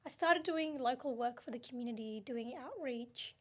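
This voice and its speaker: A young adult woman from Myanmar, a guest in a podcast interview, telling her story in an animated way, laughing often and acting out what others said. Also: a little high. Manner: animated storytelling, quick laughs, acts out quotes. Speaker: guest, human rights activist.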